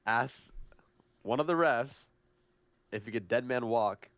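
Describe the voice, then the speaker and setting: A man's voice: medium pitch, takes it slowly, a bit bright, dry recording. A man co-hosting a podcast, chatting casually in a wry, matter-of-fact way. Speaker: podcast co-host. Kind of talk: casual chat.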